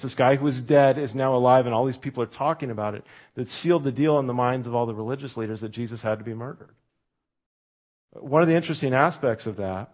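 A pastor with a mid-range voice preaches a sermon, walking through a scripture story in a conversational way. When he quotes, his voice drops to a hush.

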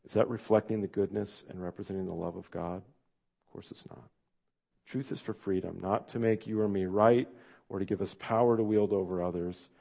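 A man's voice: sits low, fairly even intonation, moderate pace, vocal fry, mellow. A man preaching a sermon as pastor, talking to the congregation in a conversational way and asking them direct questions.

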